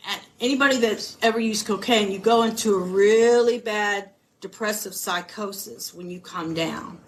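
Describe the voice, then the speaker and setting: A woman's voice: mid-range voice, a bit bright. Emotional woman telling a painful story. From United States (California). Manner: emotional, halting, with repeated words and restarts. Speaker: guest. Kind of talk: personal testimony in a podcast interview.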